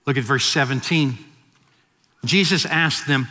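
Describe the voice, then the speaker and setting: Man in his fifties, pastor, sermon, high voice, restarts and repeats words, long hall reverb. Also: unhurried, bright, forceful tone. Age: 50s.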